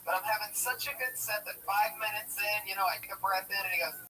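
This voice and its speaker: A man's voice: high-pitched, fast talker, bright, forceful tone. A man co-hosting a casual comedy talk, telling anecdotes and acting out the voices in them. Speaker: co-host introducing comedians. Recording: distant mic with faint background noise.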